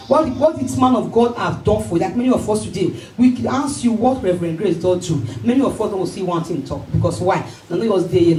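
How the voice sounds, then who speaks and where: A woman pastor preaching a sermon, rising to shouted exhortations and calls for hallelujah. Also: medium pitch. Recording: echoey church hall, mic from far off, faint hiss.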